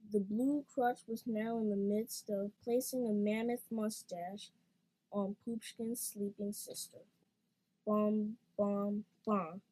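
A woman reading a children's storybook aloud in an expressive, playful way. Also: medium pitch, low-quality recording.

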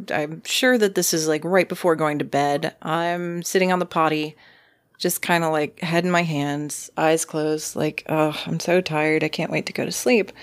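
A woman with a notably low voice recounts a strange experience in casual podcast chat. She rambles and hesitates, filling pauses with ums and restarts. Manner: rambling, hesitant, with many fillers. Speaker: podcast guest. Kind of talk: casual storytelling.

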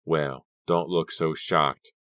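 A nervous, cocky teenage boy in a storybook reading, as a man voices him. He speaks in a very deep, slow drawl. The mic is close and dry. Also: steady tone, a bit bright, dry recording, heavily acted. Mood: awkward.

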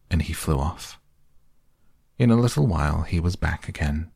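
A man softly narrating a children's book as a bedtime audiobook, slow and gentle. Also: a bass voice, lively intonation, vocal fry, slightly rough, no echo, studio quality. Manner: slow, gentle and soft-spoken. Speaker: podcast host and reader.

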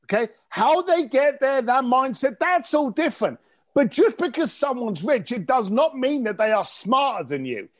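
A man from East tells stories bluntly and cheekily, swearing freely. His voice sits high, and his pitch leaps around with animated energy. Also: moderate pace. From East London. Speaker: interview guest. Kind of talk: casual storytelling interview.

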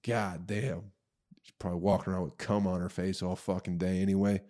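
A man with a somewhat low voice rants profanely as a show host. His talk is crude, mocking and full of scorn. He keeps a casual comedic-rant style throughout. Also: level tone, a little fast, warm tone. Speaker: podcast host.

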